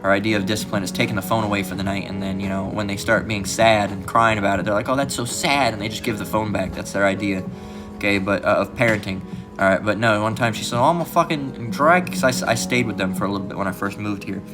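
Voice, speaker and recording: A man giving casual, rambling commentary as a channel host, filling every pause with "all right" and "you know" and mocking others in a raised voice. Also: lowish voice, level tone. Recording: music playing behind the voice.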